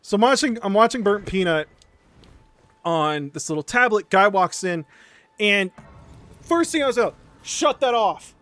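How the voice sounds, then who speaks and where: A man streamer telling a story in casual chat, animated and sarcastic, with frequent stammered restarts and swearing. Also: high-pitched, moderate pace, long pauses.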